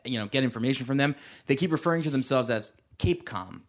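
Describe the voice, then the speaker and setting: A man's voice: mid-range voice, fast talker. A man with a mid-range voice chats about a film on a podcast. He jokes around and chimes in often between the others' lines. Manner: joking, does mocking voices of characters. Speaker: podcast co-host. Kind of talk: casual movie-review chat.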